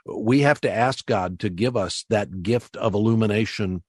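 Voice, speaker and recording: A man hosting a call-in radio show, talking callers through ideas and slowing down to stress words as he teaches. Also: fairly low pitch, darkish tone, husky, no room sound, clean studio sound. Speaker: radio host.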